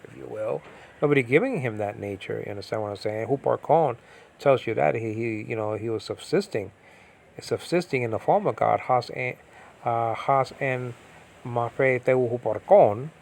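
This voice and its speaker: Poor audio captures this medium-pitched man, his voice touched with vocal fry, as he gives a casual online Biblical Greek grammar lesson from home during a storm. His delivery wanders, full of fillers, asides, and muttering to himself.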